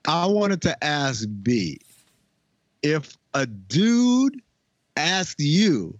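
A man hosting a podcast, asking lively hypothetical questions in casual chat. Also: a little high, very slow, no room sound. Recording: dry, muffled podcast audio.

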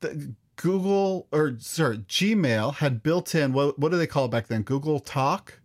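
A man's voice: fairly high pitch, expressive. A man co-hosting a tech podcast in casual chat, jumping in with questions and memories. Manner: quick interjections, reminiscing, questioning. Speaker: podcast co-host.

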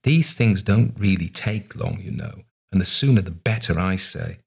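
A man's voice: low-pitched, animated, moderate pace, gravelly, breathy edge, exaggerated voice. A man voicing a strange, dreamy old woman in a tower who talks cryptically, half to herself, in an audiobook reading. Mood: cryptic.

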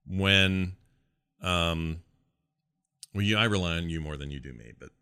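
A low-pitched man co-hosting a casual chat show. His tone is bright and forceful. He rambles along, gesturing with his hands as he talks. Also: measured pace, smooth. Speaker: podcast co-host.

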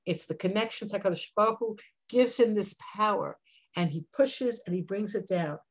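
A woman giving a Bible class, animated and husky, swinging from soft asides to loud emphatic bursts. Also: mid-range voice, moderate pace. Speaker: Torah teacher.

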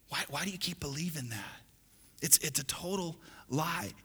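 A male pastor preaching a sermon, calling on the congregation to repeat after him and building to loud exhortation. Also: fairly high pitch, husky. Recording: long hall reverb.

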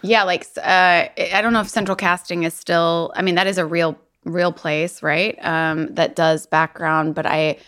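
Woman, light Southern accent, lowish voice, podcast co-host, casual chat, fillers and restarts. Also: flat delivery, normal speed, hardly any pauses, fairly bright tone, clear, resonant tone. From Kentucky, USA. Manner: chatty, hesitant, many fillers and restarts.

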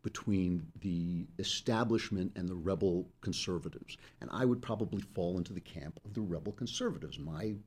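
A man's voice: low voice, normal speed, few pauses, a little mellow, husky. A middle-aged man hosting political commentary, delivering an emphatic, sarcastic opinion monologue. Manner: emphatic, sarcastic, interrupts himself with asides.

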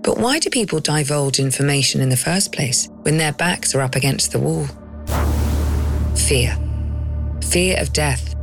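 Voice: mid-range voice, gravelly, a bit bright. Dramatic documentary narrator over music. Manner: dramatic, rhetorical questions. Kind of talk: scripted narration.

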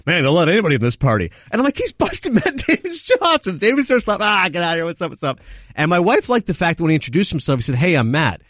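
Animated guy spilling stories fast, high-ish voice, dry mic. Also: dry recording. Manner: animated, quick anecdotes with acted quotes. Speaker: guest. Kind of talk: casual chat, storytelling.

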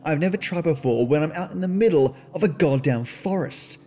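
A man's voice: a little high, animated, a little fast, warm tone, soft background music. A man doing a nervous young woman. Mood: uneasy. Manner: tense, pleading, raised delivery.

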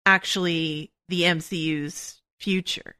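Podcast host, woman, lower register, bright tone, rambling and self-correcting, dry studio sound. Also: steady tone, slow pace, smooth, no room sound. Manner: rambling, thinking aloud with many restarts. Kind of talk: casual chat.

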